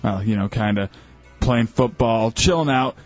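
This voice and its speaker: Brief: a man acting as a jittery jock bro, low halting drawl, dull studio sound, faint music. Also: lightly acted. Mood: nervous. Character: young male ex-football-player bro, nervous. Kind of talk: improvised comedy sketch.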